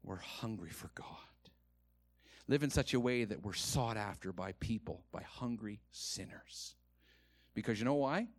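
A man preaching a sermon to a congregation, moving from quiet, earnest talk to loud, rising exhortation and having the room repeat lines after him. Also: on the low side, animated, unhurried, no room sound. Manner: calls on the congregation to repeat lines and raise hands. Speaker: pastor. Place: church.

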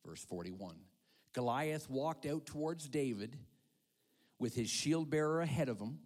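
Male pastor, slow, dramatic sermon delivery, hushed to loud. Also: medium pitch, big pitch swings. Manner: dramatic swings from hushed whispers to loud calls.

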